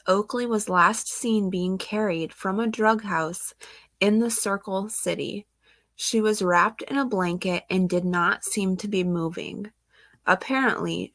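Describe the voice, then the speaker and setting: A woman's voice: medium pitch, vocal fry, dry recording. A woman reading out news reports on missing children and commenting on them, emotional and sighing, close to tears. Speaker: true crime channel host.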